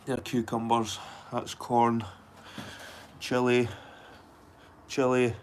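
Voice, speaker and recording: A man's voice: mid-range voice, completely flat delivery, slow, slight background noise. Man, middle-aged, casual live-stream vlogger, rambling and sweary, phone mic outdoors. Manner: rambling, sweary, matter-of-fact. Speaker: livestreaming vlogger. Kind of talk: casual chat to live viewers. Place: outdoors at a garden allotment.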